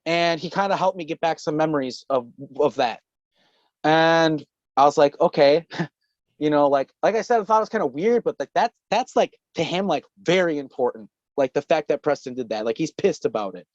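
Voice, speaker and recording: A man's voice: a little high, animated, normal speed, no echo. A man telling a long story as a podcast guest, rambling and swearing, often breaking into laughter. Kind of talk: casual storytelling. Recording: dull lo-fi call audio.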